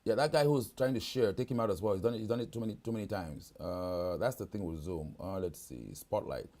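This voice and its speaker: A man's voice: lowish voice, lively intonation, fairly quick, mellow. A man hosting a live product demonstration over a video call, talking casually and often checking in with "right?". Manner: casual, keeps asking "right?".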